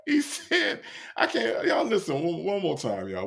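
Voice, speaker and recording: A man's voice: a little high, very animated, moderate pace, gravelly, fairly bright tone, breathy edge. A man hosting an online show, reacting to a clip with teasing, incredulous commentary and reading out viewer comments. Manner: incredulous, teasing, reading chat names aloud. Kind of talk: casual commentary.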